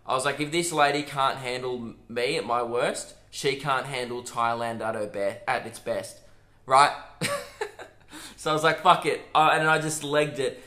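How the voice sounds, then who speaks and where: Bright-voiced Australian comedian telling a story. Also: male voice, a little high. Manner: profane, self-mocking, quick asides. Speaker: comedian podcast host. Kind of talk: rambling comic storytelling. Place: hotel room. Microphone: camera propped on a coffee table.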